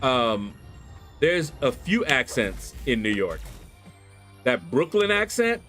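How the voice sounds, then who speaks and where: Slow and medium-pitched, this livestream host from Kentucky chats casually with his viewers through a desk USB mic. He's an animated storyteller who laughs and squeals in mock voices, with faint background music behind him.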